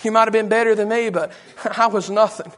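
Man preaching, very high voice, fervent and repetitive. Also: steady tone, fairly quick, fairly bright tone. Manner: impassioned, repetitive, emotional preaching. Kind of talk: fervent sermon.

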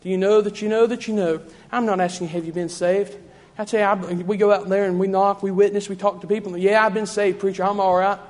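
A man preaches a revival-style sermon in church with a fervent cadence that returns to the same phrases. His voice sits high for a man, a little mellow, with fairly even intonation, a quick pace and few pauses. The hall gives the sound a long reverb.

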